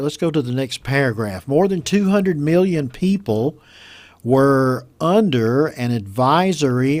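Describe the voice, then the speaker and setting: A man teaches English words at a steady middle pitch, going slowly and saying each word more than once. His voice is recorded close and dry, with no room sound. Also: no echo. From United States. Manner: slow, patient explanation with repeated model words. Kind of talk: teaching vocabulary from a news story.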